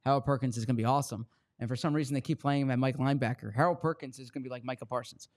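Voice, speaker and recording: A man's voice: mid-range voice, fairly even intonation, very fast, darkish tone. A man co-hosting a live draft show, talking eagerly about players he likes. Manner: enthusiastic, repeats himself. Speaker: co-host. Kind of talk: casual sports chat.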